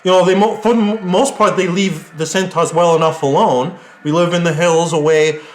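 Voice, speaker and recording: A man voicing a foul-mouthed male centaur refugee who shouts indignantly, recorded in an echoey room. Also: sits high, fairly even intonation, moderate pace, close to an everyday voice. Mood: emotional.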